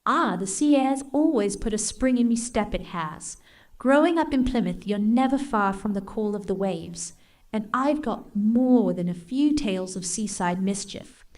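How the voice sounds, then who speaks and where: A woman's voice: mid-range voice, animated, unhurried, a little mellow. A text-to-speech woman voice playing a cheerful, outgoing seaside woman with an English accent, chatty and upbeat. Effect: synthetic text-to-speech voice.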